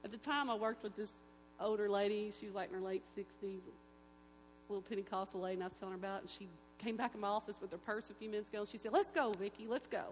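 A woman at a church gathering tells her personal testimony in an animated, emotional way, acting out the voices of the people in her story. Her voice sits at a middle pitch and carries through a hall with a long, echoing reverb and a faint hum underneath. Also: racing. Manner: animated storyteller who acts out quoted voices. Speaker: guest giving a personal testimony.

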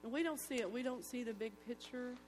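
A woman shares a church testimony in a lively, folksy, emotional storytelling voice. Her pitch sits a little high, and a faint hum runs under the recording. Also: fairly quick. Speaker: testimony speaker.

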